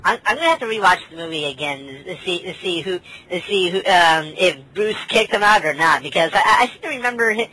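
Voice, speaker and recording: A woman's voice: on the low side, animated, a little fast, few pauses, bright, forceful tone, slight background noise, low-quality recording. A woman hosting a casual podcast chat, ranting with lots of swearing and stammered restarts. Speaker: podcast host.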